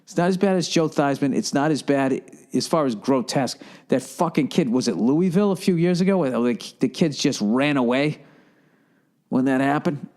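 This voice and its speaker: A man's voice: medium pitch, lively intonation, moderate pace, darkish tone. A man hosting a solo podcast in a rambling, profane monologue with sarcastic asides. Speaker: podcast host.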